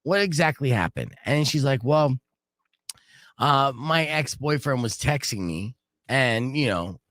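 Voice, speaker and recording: Middle-aged man, radio host, from Arizona, casual animated storytelling, lively swooping pitch, dry close sound. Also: unhurried, no echo. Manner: animated storyteller, acting out quoted voices. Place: radio studio.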